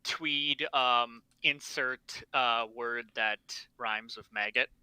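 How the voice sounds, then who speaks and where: A man with a very bright, smooth voice talks through lore in a relaxed livestream chat, with many fillers along the way. The sound is dry and close, as if from a desktop mic on a voice call. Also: medium pitch, slow, no echo, poor audio. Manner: knowledgeable, explains at length with fillers. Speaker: podcast co-host.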